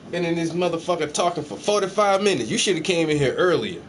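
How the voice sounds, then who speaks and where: Talking fast in a fairly high, animated voice, a man livestreams his painting and trades jokes with chat in a profane, teasing way. Faint air-conditioner hum comes through a slightly distant mic.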